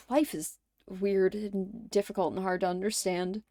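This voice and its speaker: A young woman streaming a game, chatting casually and telling animated stories, often laughing and acting out what people said. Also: medium pitch, unhurried, no room sound, studio quality. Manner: animated storyteller, acts out quoted lines, laughs often. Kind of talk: casual livestream chat while gaming.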